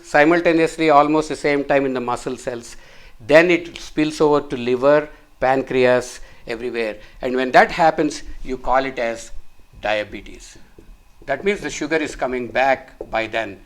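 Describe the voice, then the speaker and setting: A man's voice: mid-range voice, normal speed. A middle-aged man, a physician, explaining a chart step by step as he draws it, repeating words for emphasis. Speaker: physician teaching. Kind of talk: whiteboard medical lecture.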